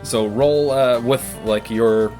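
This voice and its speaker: A man narrating as game master in a loose, casual way, laughing often and filling pauses. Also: mid-range voice, dark tone, soft background music. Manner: loose and laughing, many fillers.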